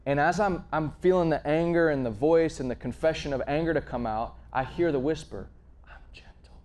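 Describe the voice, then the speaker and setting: A man's voice: fairly high pitch, a little fast. Earnest man preaching a conversational sermon. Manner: earnest, swings between emphatic and hushed; frequent fillers and restarts, storytelling.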